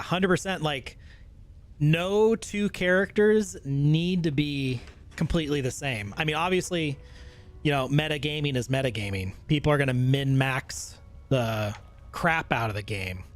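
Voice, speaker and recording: Excited casual gaming streamer man. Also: on the high side, measured pace. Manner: enthusiastic, slangy, loose rambling. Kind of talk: casual gameplay commentary.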